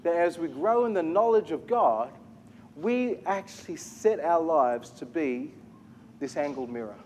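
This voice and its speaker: A man preaching with a fairly high voice, lively and emphatic, often putting questions to his listeners and repeating his key words. A faint hum of noise sits behind him. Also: unhurried. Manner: animated preaching with rhetorical questions and repetition. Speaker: pastor. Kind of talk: sermon.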